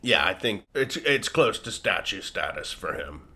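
A man's voice: lowish voice, big pitch swings, a little slow, vocal fry, sharp tone, breathy edge. A man co-hosting a comedy podcast, making dry quips and breaking into mocking voices. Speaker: podcast co-host. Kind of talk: comedic banter.

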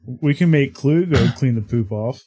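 A man's voice: mid-range voice, animated, normal speed, mellow, slightly rough. A man playing a tabletop game, blunt and swearing freely. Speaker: player.

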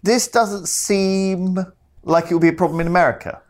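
A man's voice: sits high, steady tone. A man co-hosting a podcast, chatting casually with wry asides and frequent laughter. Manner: wry, teasing, quick to laugh. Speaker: podcast co-host. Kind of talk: casual chat.

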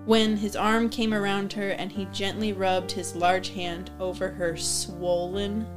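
A woman's voice: mid-range voice, little pitch movement, unhurried. A woman in casual podcast chat who laughs often and reads from a book aloud. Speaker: guest co-host. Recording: music playing behind.

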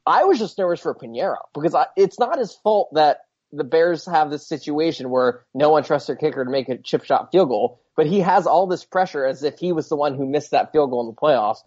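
Panelist, male, middle pitch, a little muffled and dry, earnest casual chatter. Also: lively intonation, brisk, few pauses, a little mellow, husky, no room sound. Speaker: podcast panelist. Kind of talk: casual sports podcast banter.

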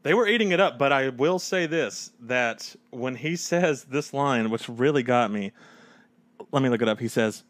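A man's voice: mid-range voice, normal speed. A man co-hosting a podcast, teasing and prompting his co-hosts in casual chat. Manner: animated, teasing, prompts others. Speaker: podcast co-host.

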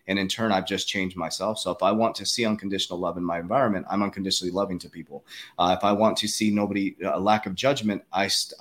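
A man hosting a casual chat, talking earnestly and emphatically with many fillers and restarts. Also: lowish voice.

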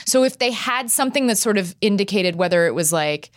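A woman's voice: mid-range voice, animated, a little fast, no room sound, clean studio sound. A woman from Texas in her thirties, co-hosting a casual chat and telling a story in a rambling way, with lots of "like" and restarts. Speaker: podcast co-host.

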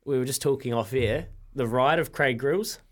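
A man's voice: mid-range voice, moderate pace. A man hosting a casual radio chat, joking and self-deprecating. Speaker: radio host.

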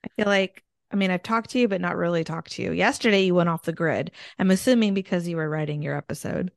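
A woman's voice: fairly low pitch, fast talker, gravelly, no room sound. Playful young woman co-host, dry sound. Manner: playful, teasing, laughs often. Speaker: podcast co-host. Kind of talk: casual chat.

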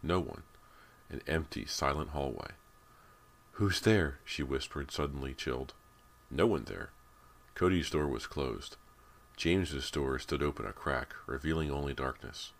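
Reading a horror audiobook in an extremely deep voice with vocal fry, a man keeps his delivery deliberate and evenly paced, easing off at suspenseful points. There's slight background noise in the recording.

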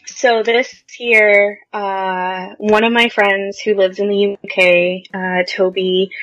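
A woman on a podcast panel in casual chat, relaxed and reflective, with frequent pauses and fillers. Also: medium pitch, poor audio.

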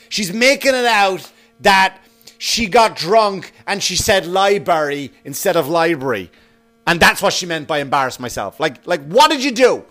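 Profane, animated man telling a story. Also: high-pitched. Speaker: podcast host. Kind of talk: casual monologue.

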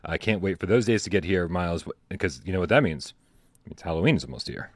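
A man hosts a live gaming podcast at a quick clip, rambling and joking through quick banter. The recording is dry and close, with no room sound. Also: low voice, lively intonation, no echo. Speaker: podcast host.

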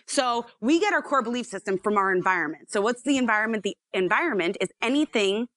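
A woman psychologist explaining ideas in a lively, chatty way, acting out the inner voices in her stories. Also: medium pitch, no echo, studio quality. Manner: animated storyteller, acts out inner voices. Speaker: psychologist guest. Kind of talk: casual explanatory chat.

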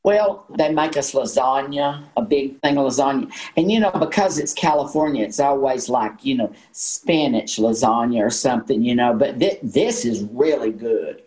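A woman's voice: extremely low pitch, lively intonation, normal speed, few pauses, darkish tone, rough recording. A woman in her sixties with a Southern American accent, a guest telling folksy stories in casual chat. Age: 60s. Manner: folksy storyteller, says honey. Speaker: guest, actress and singer.

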